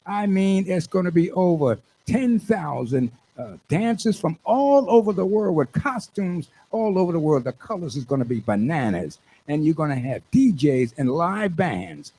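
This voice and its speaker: An older man, a radio station manager hosting his talk show, hyping an event with exuberant, preachy shouts. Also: a little high, normal speed, few pauses, slightly rough. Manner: exuberant, preachy call-and-response, shouts when excited. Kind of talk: hyped radio promo talk.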